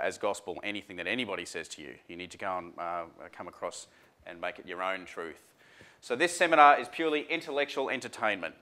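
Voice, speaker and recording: Chatty man, lowish voice. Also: sharp tone. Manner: chatty, informal, many fillers and restarts. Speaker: seminar presenter. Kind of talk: casual workshop talk.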